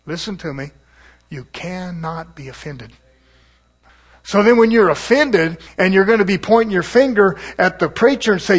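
A man preaching a sermon in an emphatic, confrontational way, chuckling between points. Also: sits high.

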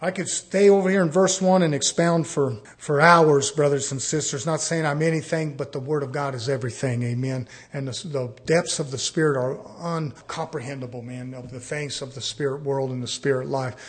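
A man's voice: mid-range voice, steady tone, moderate pace, few pauses, husky. A man preaching a sermon, stressing his points, asking rhetorical questions and saying amen between phrases. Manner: emphatic, punctuates phrases with "amen"; rhetorical questions and swings in volume.

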